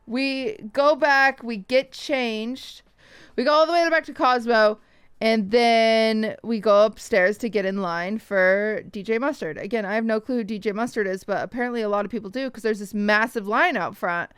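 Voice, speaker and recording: A young woman streamer casually telling her viewers a story, swearing freely and quickly mimicking other people's lines. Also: fairly high pitch, fairly bright tone, smooth, dry recording.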